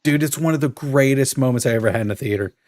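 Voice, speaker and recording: A man in his thirties chats casually on a podcast, steady mid-range voice. He tells stories with rising excitement and acts out the lines he quotes. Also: mid-range voice, fast. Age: 30s. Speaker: podcast co-host. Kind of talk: casual chat.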